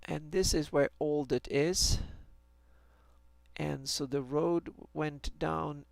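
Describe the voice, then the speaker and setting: Brief: man, mid pitch with gravelly fry, dry close sound, musing hesitantly while streaming map work. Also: fairly even intonation, slow, no echo. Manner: hesitant, many restarts and fillers. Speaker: fantasy map maker streaming his work. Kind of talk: thinking aloud on a live stream while drawing a map.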